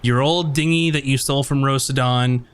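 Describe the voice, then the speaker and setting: A man's voice: medium pitch, fairly even intonation, moderate pace, clean tone. A man narrating as game master of a tabletop game, rambling with many fillers.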